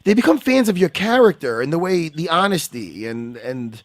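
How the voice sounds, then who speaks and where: Man, podcast host, high voice, very lively pitch, rambling casual talk, dry close sound. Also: normal speed, no room sound. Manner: rambling, loose and profane.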